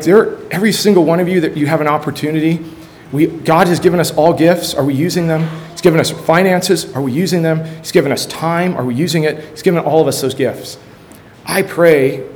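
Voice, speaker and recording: Middle-aged male coach, church testimony, earnest storyteller, faint rumble behind. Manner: earnest, storytelling, acts out quotes with rising energy. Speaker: high school football coach and ministry leader.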